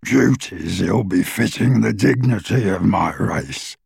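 A reader voicing a proud, deeper-voiced male goblin who speaks stiffly and formally, with a rough, less-than-human edge to his voice. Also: animated, slow, a little mellow, dry recording, exaggerated voice. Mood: haughty. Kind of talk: audiobook character voice.

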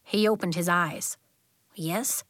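A woman narrating a children's novel as an audiobook in a gentle, even storytelling manner. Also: mid-range voice, measured pace, no room sound.

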